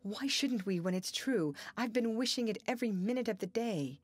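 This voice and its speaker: A gentle, sad young woman, voiced by a female narrator in an audiobook. She speaks softly and hesitantly, with a tender reticence. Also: a little high, lively intonation, normal speed, husky, voice pushed up.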